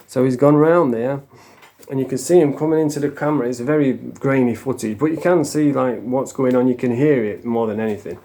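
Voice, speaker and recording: Man, casual storytelling, rambling, chuckling, warm mellow tone. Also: mid-range voice, normal speed. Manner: rambling, chuckles often, slangy. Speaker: online commentator.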